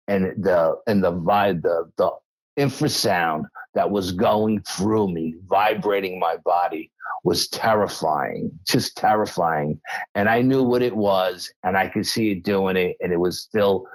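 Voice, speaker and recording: Deep-voiced animated male storyteller. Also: no room sound, poor audio. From New York State. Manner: animated storyteller, many fillers and restarts. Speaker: interview guest, researcher. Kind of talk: casual storytelling interview.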